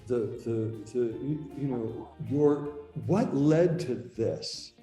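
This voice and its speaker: Male guest from the USA, mellow tone, earnest and halting, roomy video-call audio with faint music. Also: medium pitch. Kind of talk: casual interview chat.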